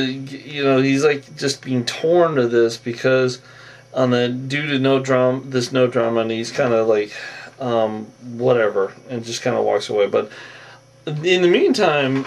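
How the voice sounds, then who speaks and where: Rambling through a loose TV episode recap, this host chuckles frequently and keeps falling back on the phrase "on that." He speaks in a mid-range voice over a rough recording.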